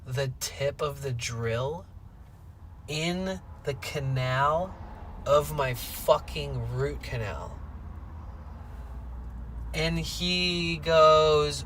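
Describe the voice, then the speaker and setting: Man, thirties, casual hiking vlog, lively storytelling with swearing, slightly high voice, faint outdoor noise. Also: low-quality recording. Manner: animated, swears freely, quotes people in rapid bursts. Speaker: vlogger telling a story. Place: outdoors on a coastal trail.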